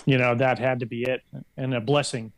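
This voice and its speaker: A man's voice: mid-range voice, little pitch movement, brisk. A man on a podcast in casual chat, plainly explaining his reasoning.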